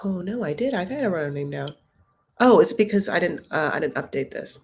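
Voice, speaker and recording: A woman with a fairly low voice hosts a casual live reaction chat. She talks in a chatty, sassy way, tossing out jokes and little asides as she goes. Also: animated, brisk, darkish tone, slight background noise. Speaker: recap show host.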